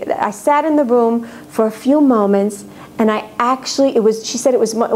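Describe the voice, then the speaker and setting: A woman's voice: fairly high pitch, a little mellow. A woman giving a religious lecture to an audience, earnest and emphatic, repeating words for stress. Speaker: lecturer on faith.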